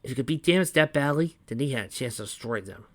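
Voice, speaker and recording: A man reading fan fiction aloud in a steady voice, with small slips and restarts. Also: mid-range voice, fast, no echo. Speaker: reader.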